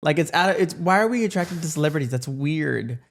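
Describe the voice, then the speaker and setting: Quick, gravelly gay man chatting. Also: on the high side, lively intonation. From Texas, United States. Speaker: podcast co-host. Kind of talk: casual chat.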